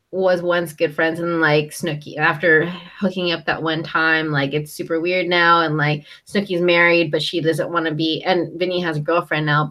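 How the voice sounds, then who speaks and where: Young woman rambling thru a show recap, kinda low voice, says like a lot. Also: fairly bright tone. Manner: chatty, lots of fillers like "um" and "like". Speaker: co-host recapping a reality show. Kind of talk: casual chat.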